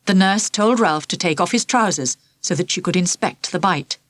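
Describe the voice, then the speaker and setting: A woman narrating a children's storybook in an expressive, lively storytelling manner. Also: lowish voice, moderate pace, no room sound. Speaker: audiobook narrator.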